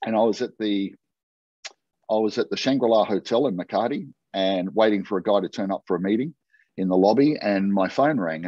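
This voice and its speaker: An Australian man, a guest in an interview, telling a long story in a lively, conversational way and acting out the dialogue. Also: sits low, no echo. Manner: animated anecdote-telling, acting out quoted dialogue. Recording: dull, lo-fi and dry.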